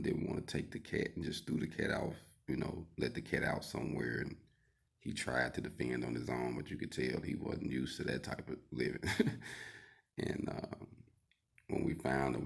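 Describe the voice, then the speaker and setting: Man, welding instructor, casual rambling vlog talk, gravelly, husky. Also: rumbling low. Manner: laid-back, rambling, full of fillers.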